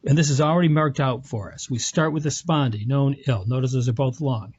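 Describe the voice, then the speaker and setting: A man's voice: medium pitch, a little fast, darkish tone, husky, highs cut off. A man teaching Latin in a screen lecture, explaining patiently step by step with small self-corrections. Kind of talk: screen lecture walking through an example.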